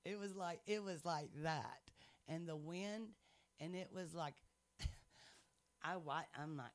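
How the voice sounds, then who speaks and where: Gravelly man, chatty and laughing. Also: on the high side, takes it slowly, long pauses, no room sound. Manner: chatty, laughs often, earnest and playful. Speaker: guest sharing a faith testimony. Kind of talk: casual testimony chat.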